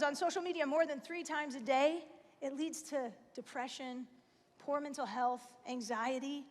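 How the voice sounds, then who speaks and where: A woman in her forties giving a casual, emphatic sermon to parents in a church, full of "like" and "right?". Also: very high voice. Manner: chatty, emphatic, fillers like "like" and "right?". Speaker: church speaker. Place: church sanctuary. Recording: long hall reverb.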